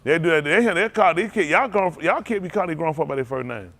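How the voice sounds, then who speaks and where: Preacher man telling folksy stories, laughs a lot, voice jumping all over, kinda high. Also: fast talker. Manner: animated folksy storytelling with frequent laughter; repeats and restarts phrases, acts out quotes. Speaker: pastor. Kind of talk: storytelling sermon.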